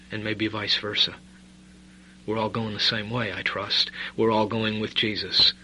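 A man preaching a sermon as a Bible teacher, emphatic and full of rhetorical questions, swinging between loud stress and quiet asides. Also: mid-range voice, rough recording.

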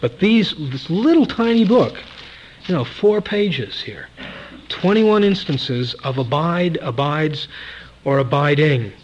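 A man's voice: fairly high pitch, animated, slow, a little hiss or hum. Emphatic preacher, a man, on lo-fi tape. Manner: emphatic, repeats key words, swings between loud and soft. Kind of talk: sermon.

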